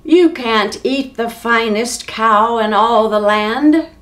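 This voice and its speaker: A woman's voice: fairly high pitch, slow pace, a bit bright. A woman voicing a bold, clever young butter maid who scolds and gives orders in a storybook reading. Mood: bossy. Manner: scolding, bossy exclamations.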